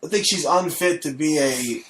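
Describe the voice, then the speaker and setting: Hosting his own talk show, this radio host keeps up a crude, casual comedy chat, brash and mocking. He speaks at a moderate pace in a fairly high, fairly bright voice, with a little hiss or hum.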